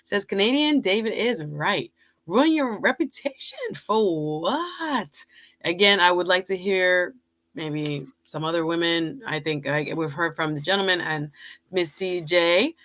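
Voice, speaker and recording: A woman's voice: on the low side, animated, unhurried. A woman hosting a casual live talk show, reading viewer comments aloud and laughing often. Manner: laughs often, warm and chatty. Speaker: host.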